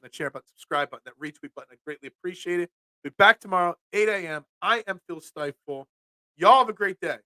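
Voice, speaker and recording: A man's voice: high-pitched, pushed and bright, dry recording. A man hosting a casual live-stream sports show from a home room full of memorabilia, upbeat and rambling as he reacts to viewer comments.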